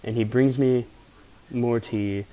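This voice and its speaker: A man's voice: mid-range voice, fairly even intonation, slow pace, dark tone. A young man from Pennsylvania casually telling rambling, profane stories as a vlogger. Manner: rambling, profane, laid-back anecdotes. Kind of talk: casual storytelling.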